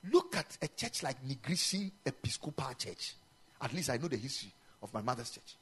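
A man preaches in a chapel, his voice slightly high and husky. He swings widely up and down in pitch as he drives his points home. He slips local-language phrases into his sermon. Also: very animated, normal speed. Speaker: pastor.

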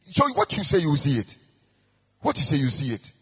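Preaching as a pastor, a man with a Ghanaian accent uses a fairly high, slightly rough, a bit bright voice with huge pitch swings at a moderate pace. The sermon is sing-song and repetitive, with sung emphasis rising and falling, captured in an echoey hall with long reverb.

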